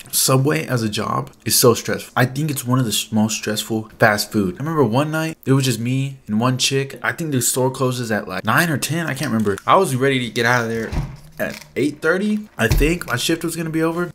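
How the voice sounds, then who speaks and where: A man's voice: mid-range voice, a bit bright. Young guy doing a casual storytime vlog, swears a ton, says "like" constantly. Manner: rambling, profane, full of "like" fillers. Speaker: vlogger.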